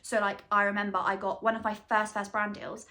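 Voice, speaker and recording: A woman's voice: mid-range voice, little pitch movement, brisk, pushed and bright. Giggly woman podcast co-host. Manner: chatty, giggly, self-mocking. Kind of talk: casual chat.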